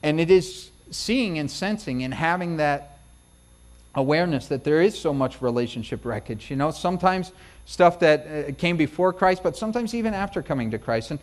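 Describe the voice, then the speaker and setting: A middle-aged man preaching a sermon with a fairly high voice for a man. He talks in a relaxed, conversational, folksy way, then swells into emphatic, rising lines. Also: normal speed. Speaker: pastor.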